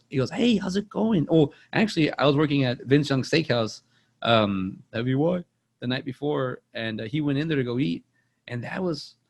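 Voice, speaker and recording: A young man, rambling through a casual movie chat on a podcast and repeating words as he tells stories. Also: mid-range voice. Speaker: podcast co-host.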